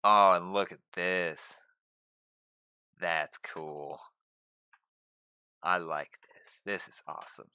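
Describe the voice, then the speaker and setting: Excitable young male streamer, lowish pitch, bright forceful tone, dry close mic, gushing to viewers. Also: slow, long pauses, clear, resonant tone, dry recording. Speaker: gaming YouTuber. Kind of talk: casual gameplay commentary.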